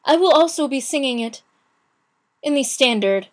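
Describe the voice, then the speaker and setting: A woman's voice: high-pitched, animated, moderate pace. A young woman chatting casually in a video blog, retelling her day with many restarts and acted-out quotes. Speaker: vlogger. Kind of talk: casual chat.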